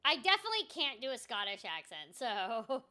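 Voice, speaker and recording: A woman with a high, bright voice that bounces all over the place chats her way through a gameplay stream. She talks in an animated, scattered way, full of ums and self-mocking little asides. Her tone is lively and chatty. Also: normal speed. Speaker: voice actor streaming a video game. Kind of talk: casual gameplay chat.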